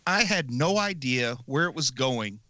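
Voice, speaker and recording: Bright-voiced man chatting on a podcast. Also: medium pitch, measured pace, dry recording. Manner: animated, laughs often. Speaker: podcast host. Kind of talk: casual chat.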